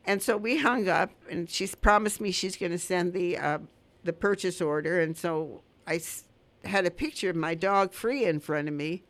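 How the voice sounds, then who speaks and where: An older woman hosting a radio talk show, reading her poems slowly and warmly, then chatting about them. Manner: slow, heartfelt recitation with lively rises in pitch. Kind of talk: poetry reading and casual chat.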